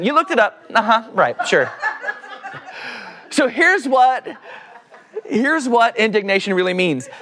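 A man preaching a casual sermon, joking with his listeners, asking them questions and acting out the voices in the story. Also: sits high. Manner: animated, joking, asks the audience questions; acts out quoted voices.

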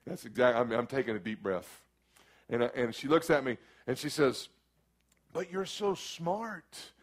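A middle-aged man, preaching a storytelling sermon that swings from hushed asides to sudden shouts. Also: mid-range voice, unhurried, pauses often. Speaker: pastor.

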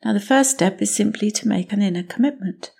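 Woman, self-help podcast host, measured and instructive, husky with some fry. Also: medium pitch. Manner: measured, gently instructive, speaks in steps and lists.

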